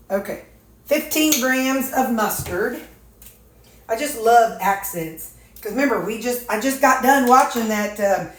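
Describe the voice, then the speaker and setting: A woman chatting casually in a folksy, rambling way, with a stuffy, runny nose. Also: on the high side. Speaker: weight-loss vlogger. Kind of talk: casual chat. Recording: echoey room, faint noise.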